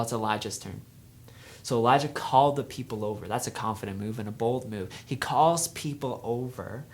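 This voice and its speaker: Young male youth speaker, casual storytelling sermon, energy rising and dropping. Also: medium pitch. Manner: conversational storytelling, swings from energetic to hushed.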